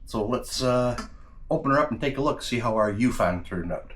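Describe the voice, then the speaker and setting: A man's voice: medium pitch, animated, normal speed, noisy background. Chatty man demoing a rice cooker recipe. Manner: friendly, chatty, addresses viewers as guys; talks while tasting, with mm sounds. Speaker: cooking channel host. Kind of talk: casual cooking demonstration.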